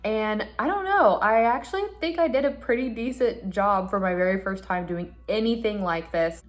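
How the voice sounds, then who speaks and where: Upbeat woman beauty vlogger, casual to-camera chat, mid-range voice. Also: medium pitch. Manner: chatty and upbeat, quick asides.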